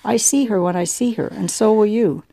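A woman reading an elderly woman's lines in a storybook reading, speaking with a gently teasing, knowing manner. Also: mid-range voice, normal speed, voice pushed up, natural voice. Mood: warm. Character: elderly woman, warm and wry, fond of her friend.

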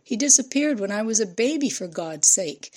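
A woman's voice: medium pitch, animated, normal speed, darkish tone, natural voice. A woman doing an angry veteran newsman. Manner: angry, scolding, exasperated. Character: indignant veteran male newsman.

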